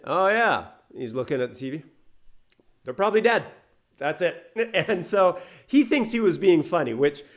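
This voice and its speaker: A middle-aged man casually telling a personal story to English learners, chatty and laughing between phrases. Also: a little high.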